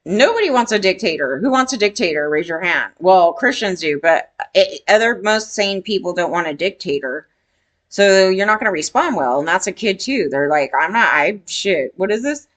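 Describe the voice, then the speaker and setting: Woman, slightly low pitch, casual opinion vlog, blunt, rambling, swears. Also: animated, normal speed, fairly bright tone. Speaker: commentator.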